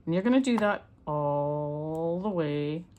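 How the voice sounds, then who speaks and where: A woman's voice: deep voice, lively intonation, slow, highs cut off, slight background noise. A middle-aged woman from Canada giving a homey, step-by-step loom knitting tutorial as she works. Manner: chatty, homey, talks step by step while working. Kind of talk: hands-on craft tutorial.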